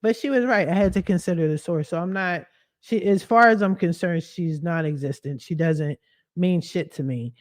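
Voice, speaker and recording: A woman's voice: fairly low pitch, moderate pace, darkish tone. Blunt, profane woman telling her story. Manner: blunt, profane, laughs often. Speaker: podcast host. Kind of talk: candid personal storytelling.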